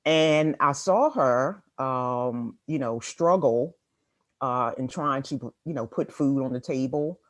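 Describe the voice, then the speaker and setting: A middle-aged woman from Washington, D.C., a guest writer chatting in an interview, laughing often and pausing on fillers. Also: rumbling low, lively intonation, no echo, studio quality. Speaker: guest writer and real estate agent. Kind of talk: casual interview conversation.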